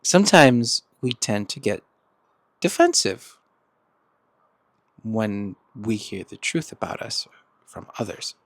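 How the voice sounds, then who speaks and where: A man hosting a self-help podcast in a casual monologue, animated and laughing often as he acts out quoted friends. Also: lowish voice, slow pace, long pauses, no room sound. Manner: laughs often between points. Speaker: podcast host.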